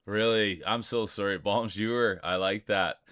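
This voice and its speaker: A man's voice: low-pitched, brisk, pushed and bright, clean tone, no room sound, studio quality. A man streaming live, chatting casually and rambling while greeting viewers by name.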